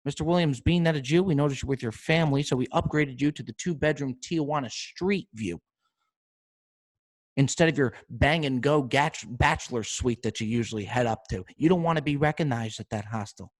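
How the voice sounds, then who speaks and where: A man's voice: medium pitch, brisk, dry recording, natural voice. A man voicing a fawning male hostel clerk who speaks with smarmy, mock courtesy.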